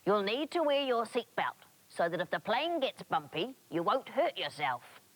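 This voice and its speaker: A woman voicing a cheerful, caring teddy bear boy who speaks gently and reassuringly. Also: mid-range voice, sing-song, moderate pace.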